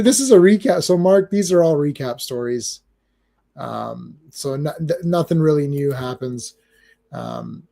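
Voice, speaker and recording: A man chatting casually as a comics podcast host, talking in a mellow voice that sits a bit high. He rambles and restarts sentences, stumbling over repeated words. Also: gravelly. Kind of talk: casual chat while reading comics live.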